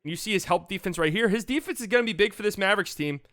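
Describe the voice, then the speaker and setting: A young man breaking down basketball highlights in a casual, excitable way, swearing freely. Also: racing. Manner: excitable, swears freely, shifts into mock voices. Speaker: basketball commentary host.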